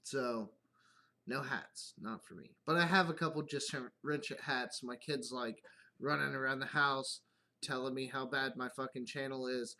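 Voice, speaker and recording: A man's voice: medium pitch, measured pace, pushed and bright. A man hosting his own live stream, rambling through casual stories about his kids with plenty of swearing and laughter. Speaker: YouTube channel host.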